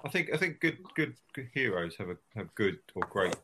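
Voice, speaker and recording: A man's voice: fairly low pitch, very animated, fairly quick, background noise. A man in casual chat, making dry sarcastic jabs.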